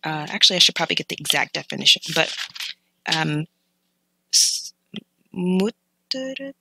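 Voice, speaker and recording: A woman's voice: sits low, flat delivery, a little fast, gravelly, pushed and bright, dry recording, poor audio. A woman learner casually explaining vocabulary from clips, thinking aloud with hesitant restarts and corrections. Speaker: language learner teaching vocabulary.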